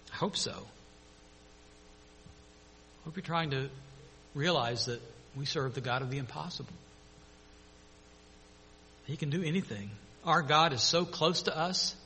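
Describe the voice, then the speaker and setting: A man preaching a sermon, telling a story in an earnest, animated way. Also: fairly high pitch, normal speed, long pauses, a little hiss or hum. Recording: long hall reverb.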